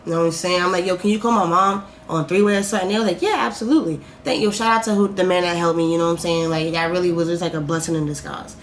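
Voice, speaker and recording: A young woman tells a storytime in a lively, animated way, swearing freely and acting out her own reactions. Her voice sits a little low for a woman. The room echoes around her, with a faint hiss underneath. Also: racing, hardly any pauses. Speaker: vlogger. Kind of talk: casual storytime.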